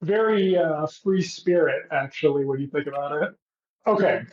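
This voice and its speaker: A man's voice: fairly high pitch, normal speed, darkish tone. A man co-hosting a podcast, recapping a show in casual comedic chat with sarcastic, profane riffing. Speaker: podcast co-host. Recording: echoey, dull lo-fi room sound.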